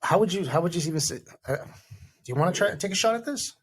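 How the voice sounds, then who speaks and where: Brief: male podcast co-host, casual chat, halting delivery full of fillers. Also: sits high, expressive, husky. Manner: reads facts aloud haltingly, with many fillers.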